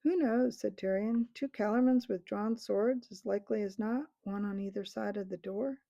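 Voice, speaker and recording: A woman voicing a brave young male king who speaks quietly and reassuringly in a storybook reading. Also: mid-range voice, moderate pace, vocal fry, no room sound, close to an everyday voice. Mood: steady. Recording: dull lo-fi recording.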